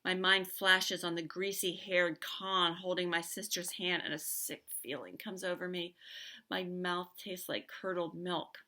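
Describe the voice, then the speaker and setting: A woman's voice: lowish voice, fairly even intonation, a little slow, bright, forceful tone. A woman teacher reading a novel aloud with expression, stopping now and then to comment on the story.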